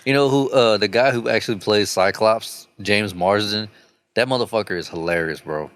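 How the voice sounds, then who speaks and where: A man's voice: on the low side, normal speed, fairly bright tone, no echo. A man co-hosting a comedy podcast, telling rambling, profane stories in casual chat. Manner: profane, rambling storytelling with laughs. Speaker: podcast co-host.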